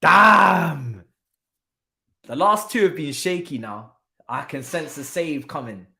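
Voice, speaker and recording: Guy, watchalong host, slow drawl breaking into loud shouts, very lively pitch. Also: vocal fry. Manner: excitable, swings between low muttering and shouting; British street slang, repeats phrases. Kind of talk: live football watchalong reaction.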